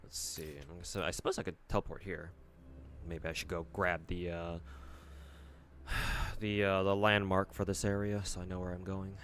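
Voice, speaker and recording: A man's voice: low voice, level tone, normal speed, pauses often, a bit bright, a little hiss or hum. A man streaming a game, thinking aloud in a rambling, casual way and swearing now and then. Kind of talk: casual gameplay commentary. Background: faint game music.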